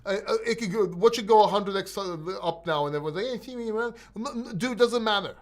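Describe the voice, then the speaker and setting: A man with a high voice and a mixed London and Greek accent hosts a live crypto Q&A. He is blunt and emphatic, drops the odd swear word, and stumbles over repeated words as he answers viewers' questions. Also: brisk. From born in London, raised in Greece. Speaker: crypto livestream host. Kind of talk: live Q&A, reading chat questions.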